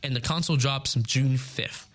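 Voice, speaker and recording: A young man hosting a show, chatting casually about gaming news, excitable and rambling, often stumbling over his words. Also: mid-range voice, moderate pace. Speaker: show host. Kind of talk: casual chat, news recap.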